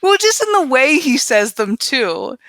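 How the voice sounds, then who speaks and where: A woman co-hosting a podcast, recapping a TV episode in casual chat with animated retelling and frequent laughter. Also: high-pitched, measured pace, no echo. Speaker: podcast co-host.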